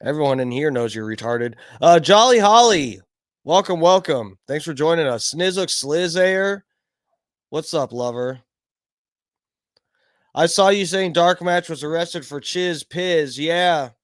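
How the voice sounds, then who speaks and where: A man's voice: on the high side, expressive, unhurried, no room sound, studio quality. Profane rambling male livestreamer. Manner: rambling, profane, greets chat by name. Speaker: livestream host. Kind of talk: casual live-stream chat.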